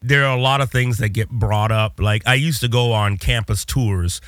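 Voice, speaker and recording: A man who teaches communications, hosting a casual podcast conversation and talking in an animated, rambling way with many restarts. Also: mid-range voice, moderate pace, no room sound, clean studio sound. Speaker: podcast host and communications professor.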